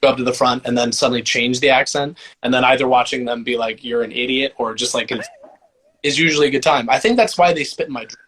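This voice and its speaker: A young man chats loosely as an interview guest, his voice sitting at an ordinary middle pitch. He rambles in a relaxed way and leans on fillers as he goes. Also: quick pace, slight background noise. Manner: laid-back, rambling, many "like" fillers. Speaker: voice actor and musician guest. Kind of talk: casual interview chat.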